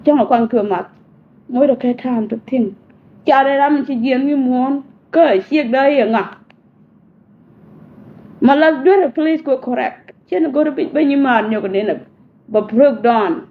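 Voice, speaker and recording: A woman's voice: sits high, normal speed. Pleading woman, tinny phone audio. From South Sudan. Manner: pleading, repeats herself insistently. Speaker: message sender. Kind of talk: personal spoken message. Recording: tinny phone-line audio, faint hiss.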